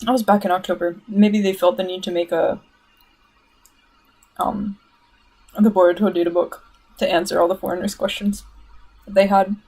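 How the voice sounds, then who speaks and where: A woman's voice: mid-range voice, flat delivery, moderate pace, pauses often, darkish tone, slightly rough, faint music behind, rough recording. Chatty woman rambling on a livestream. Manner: rambling, chatty, reads viewer comments aloud. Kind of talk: casual livestream chat.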